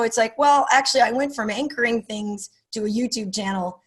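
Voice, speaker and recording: A middle-aged woman, a sports TV host, chatting as a podcast guest and telling animated stories with many fillers and restarts. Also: on the high side, brisk, husky. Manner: animated storyteller, many fillers and self-corrections. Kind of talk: casual interview chat.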